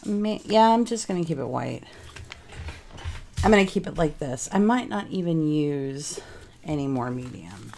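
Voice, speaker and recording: Slow-talking woman with a gravelly voice. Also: sits low, expressive, dark tone, a little hiss or hum. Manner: chatty, thinking aloud, changes her mind. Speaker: craft vlogger. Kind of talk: casual craft demonstration.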